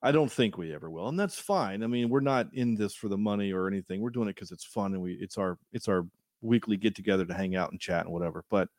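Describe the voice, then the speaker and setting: A man's voice: fairly low pitch, quick pace, darkish tone, dry recording, clean studio sound. A man hosting a podcast in casual chat, rambling and self-deprecating, with frequent restarts. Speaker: podcast host.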